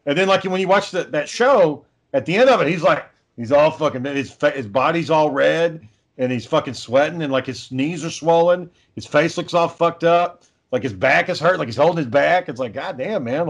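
A man hosting a podcast in casual chat, telling stories with swearing and laughter. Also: fairly high pitch.

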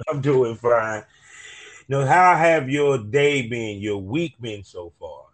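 A man's voice: medium pitch, animated, slow. A man in his forties from North Carolina with a Southern country twang, hosting a casual podcast chat in a laid-back, slangy way. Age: 40s. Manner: laid-back, laughs often, loose slangy talk. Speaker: podcast host.

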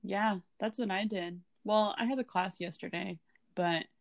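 A woman's voice: mid-range voice, a little slow, creaky, no room sound, clean studio sound. A young woman in a casual phone chat, bubbly and upbeat, giggling often. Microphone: phone call.

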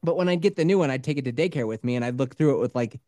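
A man's voice: medium pitch, very fast, dark tone, dry recording, studio quality. A young man co-hosting a podcast, telling a story in a rambling way, swearing and laughing a lot. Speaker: podcast co-host. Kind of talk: casual storytelling chat.

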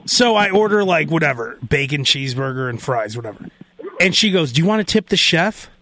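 A man, hosting a radio show and telling a story in casual, animated chat, imitating the people in it. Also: a little high, a little fast, slight background noise. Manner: animated, mimics people in quotes. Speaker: radio host. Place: radio studio.

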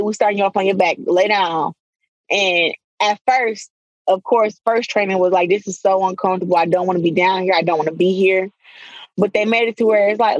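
A young woman with a mid-pitched voice, speaking as an interview guest. She talks bluntly and with energy, and she uses casual slang. Her voice sounds close and dry. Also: dry recording, lo-fi sound. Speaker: guest, professional boxer.

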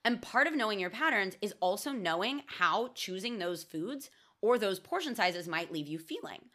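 A woman's voice: medium pitch, bright, forceful tone. A young adult woman hosting a solo podcast on mindful eating, speaking in a casual, candid way, cursing freely and saying "like" often.

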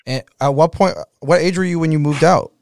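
A man hosting a podcast, introducing his guest in a relaxed, conversational way. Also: a little high, fairly quick, dry recording, studio quality. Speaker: podcast host. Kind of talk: casual podcast interview. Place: Boston.

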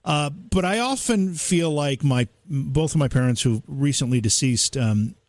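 A man hosting an interview, asking questions in a calm, self-deprecating way. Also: on the high side, measured pace, dry recording. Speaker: host. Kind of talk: casual interview.

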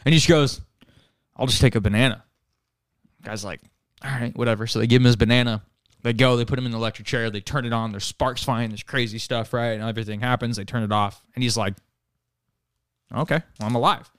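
A man's voice: medium pitch, fairly even intonation, quick pace, long pauses, clean tone, no echo, clean studio sound. A man co-hosting a casual podcast, telling a long, rambling joke, swearing casually and laughing at his own story. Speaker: podcast co-host.

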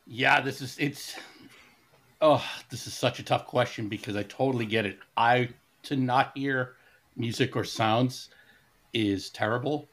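A man's voice: mid-range voice, steady tone, unhurried, a bit bright. A man co-hosting a casual podcast, chatty and earnest, laughing easily. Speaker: podcast co-host.

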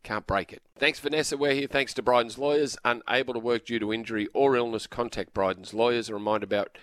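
An Australian man co-hosting sports radio, arguing his point in a measured way. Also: medium pitch, steady tone, fairly bright tone, no room sound. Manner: measured, reasoning, reads ad copy.

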